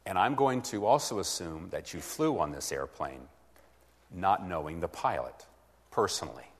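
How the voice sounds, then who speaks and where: A man's voice: low voice, animated, normal speed, long reverb tail. A man preaching a teaching sermon, acting out both sides of a conversation.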